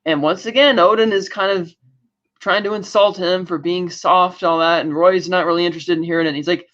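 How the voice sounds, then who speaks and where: A woman's voice: on the low side, fairly even intonation, brisk, a bit bright. A woman co-hosting a podcast, casually recapping a TV episode and acting out lines from the scenes. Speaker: podcast co-host. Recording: dull lo-fi audio.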